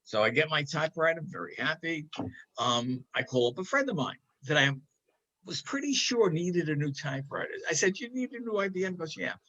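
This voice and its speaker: An older man telling a comic prank story on a talk show in a casual, animated way, acting out the other voices in it. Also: fairly high pitch, fairly quick, dull audio.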